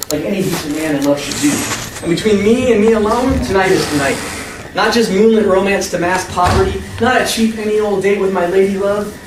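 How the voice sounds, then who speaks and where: A young American man reads his own first-person story aloud to an audience in a convention room. His high-sitting voice is emphatic and expressive. The recording sounds echoey and distant, with a faint hum, as if he's far from the mic.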